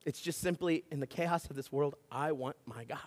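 A man's voice: fairly high pitch, normal speed. A man in his thirties preaching a sermon, telling stories with lots of energy and often asking "right?" to the congregation. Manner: animated storytelling, acts out shouting and whispering, keeps asking "right?". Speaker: pastor. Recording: long hall reverb.

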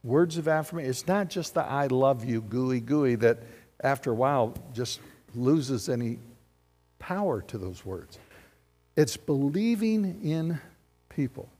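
A man, a pastor preaching a lively, conversational sermon full of rhetorical questions. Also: medium pitch, a little slow, big-room sound, faint music behind.

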